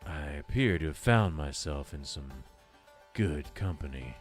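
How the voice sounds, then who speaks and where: Brief: easygoing male drifter, low drawl, played by a man. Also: lively intonation, measured pace, faint music behind. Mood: relaxed. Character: laid-back adult male adventurer in a duster.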